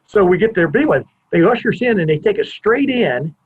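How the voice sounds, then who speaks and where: Over a tinny, phone-like line, a man with a high, breathy-edged voice and lively intonation talks at a quick pace. He hosts a podcast from his home family room, spinning a long, rambling story full of tangents.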